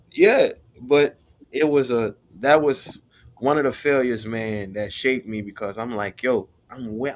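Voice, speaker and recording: A young man co-hosting a podcast, telling a story in casual chat, slangy and animated, acting out the voices of others. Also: medium pitch. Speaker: podcast co-host.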